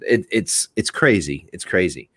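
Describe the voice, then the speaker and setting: A man's voice: low-pitched, a little slow, breathy edge, no echo, clean studio sound. A man who works as a police officer, telling stories in a casual podcast chat, laughing often and acting out the people he met. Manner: laughing, animated storyteller who acts out voices. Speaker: police officer and apartment courtesy officer.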